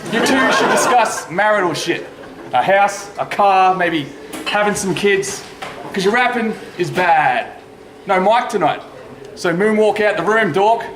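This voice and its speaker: A man's voice: high voice, fairly bright tone, reverberant, a little hiss or hum. A man performing mocking battle rap verses full of punchlines aimed at his opponent. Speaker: battle rapper.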